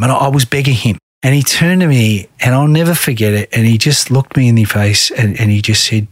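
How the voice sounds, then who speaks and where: A middle-aged Australian man telling his own story in a podcast interview, earnest and measured. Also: medium pitch, no room sound, studio quality. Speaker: guest.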